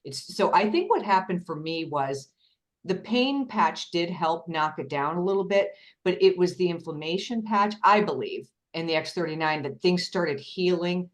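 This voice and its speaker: A woman's voice: fairly low pitch, animated, moderate pace. A woman casually sharing her story as a guest, chatty and self-deprecating. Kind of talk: casual chat.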